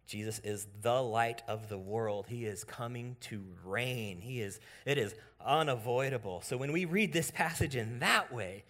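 A young male pastor delivers a casual, story-driven sermon. His voice is bright and his pitch jumps around constantly. He swings between loud bursts and quiet asides. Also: animated, moderate pace.

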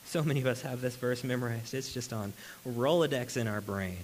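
A male pastor delivers an animated sermon to his congregation, his voice sitting at an ordinary middle pitch. He leans on rhetorical questions and briefly acts out the people he describes. A faint hiss runs under the recording. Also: a little fast, poor audio. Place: room with a congregation.

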